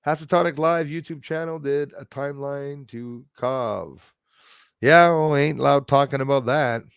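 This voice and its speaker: Gravelly man hosting a livestream. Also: medium pitch, fairly even intonation, measured pace, no echo, clean studio sound. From Canada. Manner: chatty, rambling, thanks viewers by name. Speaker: livestream host. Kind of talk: casual livestream chat, reading viewer comments.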